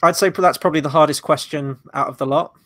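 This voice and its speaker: Co-apresentador entusiasmado, voz seca. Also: male voice, on the high side, fairly even intonation, quick pace, a bit bright, no room sound. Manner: enthusiastic, joking commentary. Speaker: co-host. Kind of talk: casual chat.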